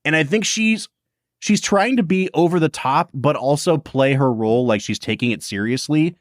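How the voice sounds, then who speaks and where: A man co-hosting a casual film review podcast, animated and quick to laugh. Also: a little high, no room sound, studio quality. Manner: animated, laughs often, puts on quoted voices. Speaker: podcast co-host.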